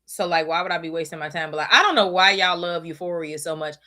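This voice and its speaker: Brief: woman host, bright voice, blunt profane rant. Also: on the low side, quick pace. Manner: blunt, profane, emphatic ranting. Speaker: podcast host. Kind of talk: casual chat.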